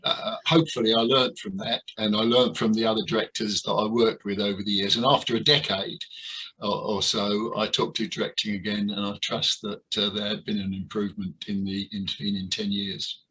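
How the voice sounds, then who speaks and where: An older man being interviewed about his years in amateur theatre, talking with many pauses, fillers and restarts. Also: fairly low pitch, flat delivery, pushed and bright, slight background noise, rough recording. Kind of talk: reminiscing interview.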